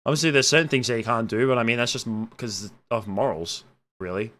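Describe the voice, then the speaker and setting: Young man, bright voice, casual chat, opinionated, animated outbursts, muttered asides. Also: medium pitch, a little fast. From Australia. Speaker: streamer reading chat. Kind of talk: casual chat, reading viewer comments aloud.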